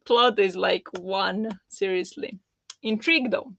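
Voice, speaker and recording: A woman's voice: mid-range voice, takes it slowly, creaky, long pauses, fairly bright tone, dry recording, muffled recording. A woman hosting a live book club discussion, casual, blunt and sarcastic, laughing often. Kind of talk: casual live-stream chat.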